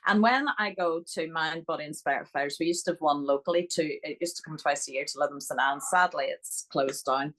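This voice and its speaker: A woman with a Northern Irish accent, a guest telling chatty, animated stories in a podcast interview. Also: low-pitched, fairly quick, hardly any pauses, rough recording.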